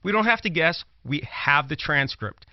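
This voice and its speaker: On a political talk show, a former prosecutor turned commentator from Brooklyn, New York presses his case with emphasis and repeated phrases. He speaks at normal speed in a slightly high, expressive voice; the dry, dull lo-fi audio carries no room sound.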